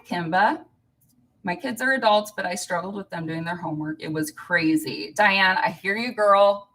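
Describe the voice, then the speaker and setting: With a mid-range, slightly bright voice, this Illinois woman in her thirties chats and rambles to viewers as a fill-in host on a casual live stream, laughing a lot. Her voice comes across a bit distant from the mic.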